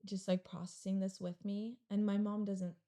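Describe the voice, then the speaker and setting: Gravelly-voiced young woman sharing a story. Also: mid-range voice, little pitch movement, normal speed, warm tone. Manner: rambling, heavy use of "like". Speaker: podcast guest. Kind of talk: emotional personal story.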